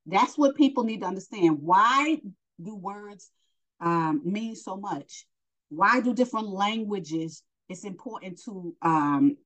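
A woman's voice: fairly low pitch, a bit bright, muffled recording. A woman from New York giving a Bible lesson, reading verses and then retelling them in blunt everyday slang, asking the listener questions and answering them herself. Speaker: Bible teacher.

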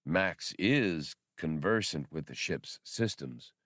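A man voicing a bulky male droid who talks in a slow drawl, in an audiobook. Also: rumbling low, expressive, fairly bright tone, no echo, studio quality, voice pushed down, exaggerated voice. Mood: measured. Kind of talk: audiobook character voice.

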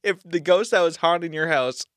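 A man co-hosting a podcast who chats casually in an animated way and chuckles as he talks. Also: on the high side, moderate pace, no echo, clean studio sound. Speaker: podcast co-host. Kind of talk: casual chat.

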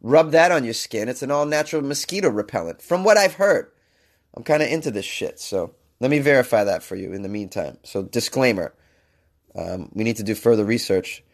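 Reading a science news story aloud, this man talks a little fast in an expressive, mid-range voice. His commentary is casual and jokey, punctuated by sarcastic asides and playful mock-crooning.

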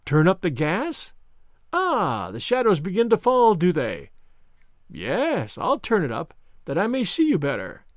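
A man voicing a sly, menacing male villain in a high, snarling voice with a mocking, sneering manner. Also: huge pitch swings, a little slow, dry recording, studio quality, heavily acted.

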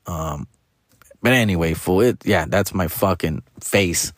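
A man's voice: deep voice, a little slow, no room sound, clean studio sound. A man in his forties with a Mexican-American accent, hosting a podcast and telling a profane, slangy story, switching between English and Spanish. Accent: Mexican-American English, code-switching to Spanish. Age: 40s. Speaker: podcast host. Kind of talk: casual storytelling monologue.

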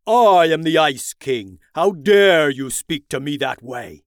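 Man doing a loud, gloating villain king, cackling and higher than his own voice. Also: animated, unhurried, no room sound, clean studio sound. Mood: indignant. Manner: loud, gloating, theatrical laugh. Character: booming villainous male Ice King.

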